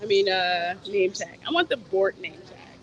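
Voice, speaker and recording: A woman's voice: medium pitch, lively intonation, normal speed, highs cut off. A woman, live-streaming a casual, playful walk through a theme park gift shop and talking straight to her viewers.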